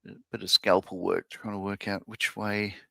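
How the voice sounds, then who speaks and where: A man's voice: on the low side, flat delivery, moderate pace, gravelly, sharp tone, no room sound. A man, co-hosting a live scale-modelling stream, chatting casually, thinking aloud and reading viewer comments. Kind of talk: casual live-stream chat while building.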